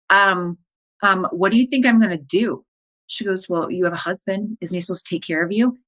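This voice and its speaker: A woman with a low, deep speaking voice tells her own story as a podcast monologue. She speaks in an emotional, breathless way, acting out her own and her family's words as she goes. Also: bright, forceful tone, poor audio. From American Midwest. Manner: emotional, breathless retelling with quoted dialogue. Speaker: life coach and podcast host.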